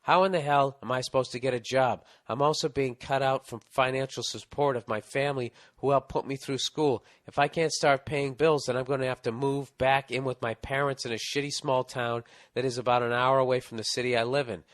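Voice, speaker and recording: Brisk, with few pauses and a medium pitch, a man hosting a comedy podcast reads a letter from a listener and tells stories in a profane, ranting, animated style.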